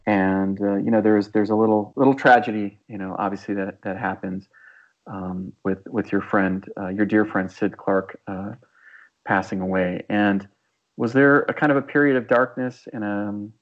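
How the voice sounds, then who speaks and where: Low-voiced male interviewer, dull sound. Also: fairly even intonation, normal speed. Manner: reacts with laughs and loose questions full of fillers. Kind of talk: conversational interview.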